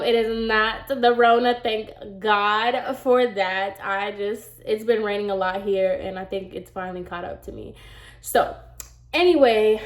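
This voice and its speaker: Chatty stuffy-nosed young woman vlogger. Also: medium pitch. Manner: chatty, rambling, lots of "like" and "y'all". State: stuffy nose from a cold. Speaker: storytime vlogger. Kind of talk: casual storytime chat. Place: home room. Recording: roomy home echo.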